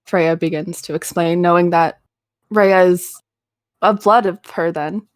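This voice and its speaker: A woman's voice: on the low side, fairly even intonation, unhurried, no echo, studio quality. A woman narrating her character's actions in a tabletop game, hesitant with many fillers. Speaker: player.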